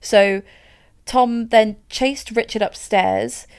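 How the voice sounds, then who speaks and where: A woman recounts a crime case to a friend on a podcast. Her voice is smooth and clear, her delivery chatty and loose, full of "like" and "so". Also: fairly high pitch, fairly even intonation, slow, darkish tone. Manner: chatty, frequent "like" and "so", laughs easily. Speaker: podcast co-host. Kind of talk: casual true-crime storytelling.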